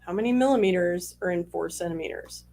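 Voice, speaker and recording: A woman's voice: lowish voice, fast, warm tone. A woman co-hosting a casual live stream, reading out trivia questions and teasing her partner. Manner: playful, teasing, laughs often.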